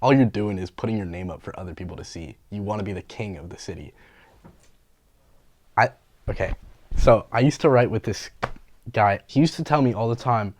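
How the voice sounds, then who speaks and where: A man's voice: lowish voice, fairly quick, long pauses. A young man from the Bay Area, a graffiti artist and painter, telling stories in a casual interview with lots of slang, swearing and laughter. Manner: animated, profane, laughs often, slangy.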